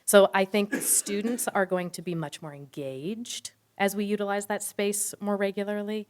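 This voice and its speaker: A woman's voice: mid-range voice, steady tone, moderate pace, clear, resonant tone. A woman teacher speaking earnestly and explaining at a school board meeting. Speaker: third grade teacher.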